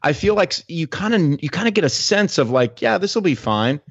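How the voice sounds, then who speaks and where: A man co-hosting a podcast in casual chat, animated and emphatic, often tacking "man" onto his lines. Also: a little high, a little fast, breathy edge, no room sound, lo-fi sound. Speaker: podcast co-host.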